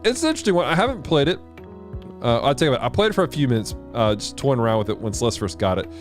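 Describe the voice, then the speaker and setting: A man hosting a casual game livestream, animated and laughing often as he reads viewer comments aloud. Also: medium pitch, racing, faint music behind. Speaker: game streamer and show host.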